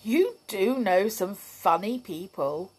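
A woman's voice: mid-range voice, expressive, slow pace, darkish tone, slightly rough. A woman voicing a jolly, greedy little man who talks in a chummy, chuckling way.

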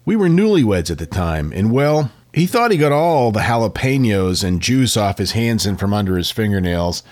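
A man co-hosting a podcast, telling an odd historical story in a casual, animated way. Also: lowish voice, normal speed. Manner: animated storyteller with frequent uh fillers. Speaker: podcast co-host.

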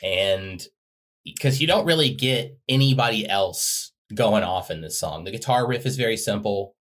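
A man's voice: fairly low pitch, lively intonation, moderate pace, a bit bright. A man co-hosting a casual music podcast, rambling and correcting himself mid-sentence with a joking tone. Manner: rambling, self-correcting, jokey. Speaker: podcast co-host.

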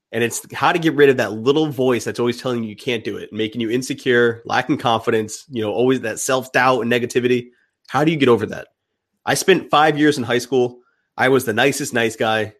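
A man's voice: medium pitch, fairly bright tone. A young man speaking as an interview guest, fired-up and emphatic, with some swearing. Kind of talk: impassioned interview talk.

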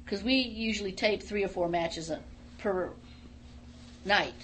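A woman's voice: mid-range voice, measured pace, a little hiss or hum. A middle-aged woman, a former wrestler and studio guest, tells stories emphatically in a casual radio interview. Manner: animated, emphatic storyteller.

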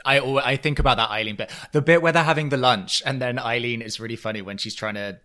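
A man's voice: mid-range voice, quick pace, sharp tone. A man co-hosting a podcast, talking in a playful, self-mocking way. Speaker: podcast co-host. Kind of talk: casual podcast chat.

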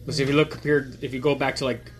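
A man's voice: mid-range voice, little pitch movement, rapid-fire, slight background noise. A man giving casual, chatty commentary while watching a film, thinking aloud and chewing popcorn as he talks. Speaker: movie watch-along host. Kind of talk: casual live movie commentary.

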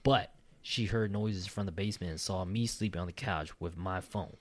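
A man with a fairly low voice talks loosely with a friend, tossing in "dude" and swearing. He laughs a lot and reads a listener's eerie story in a plain, conversational way. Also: normal speed. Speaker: podcast co-host reading a listener story. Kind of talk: casual chat and story reading.

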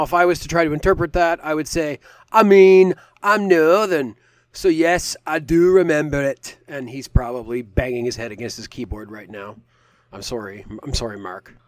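A man in his thirties co-hosting a podcast in casual chat, animated and teasing, swearing now and then. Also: mid-range voice, no room sound. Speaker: podcast co-host.

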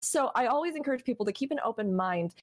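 A woman's voice: a little high, expressive, fast talker, no echo, studio quality. A woman guest on a gaming podcast, talking casually and giving thoughtful advice with many "like"s and "right"s. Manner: thoughtful, advising, often says "like" and "right".

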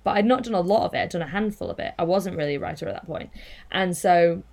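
A woman's voice: on the low side, fast, vocal fry, darkish tone. A woman talking as a podcast guest, earnest and reflective, who swears casually now and then. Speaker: guest activist.

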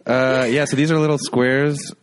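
A man's voice: medium pitch, flat delivery, normal speed, clean tone. A man hosting a casual podcast chat, joking and bantering with his guest. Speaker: podcast host.

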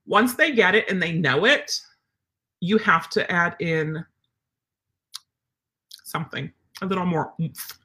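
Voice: medium pitch, slow, long pauses. A dog trainer chatting casually on a live stream, answering viewer comments and acting out little dialogues. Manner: animated, chatty, acts out dialogues.

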